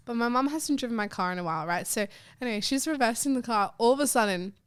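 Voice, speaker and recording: A young woman, co-hosting a podcast and telling stories in a lively way, acting out what others said. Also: a little high, fast, smooth. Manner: animated storyteller, acts out quotes. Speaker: podcast co-host. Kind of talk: casual storytelling chat. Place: podcast studio.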